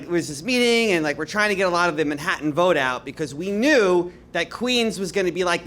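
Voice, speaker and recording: High-voiced, animated New man. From New York. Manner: animated, chatty, laughs at his own stories. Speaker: guest speaker. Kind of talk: storytelling talk to an audience.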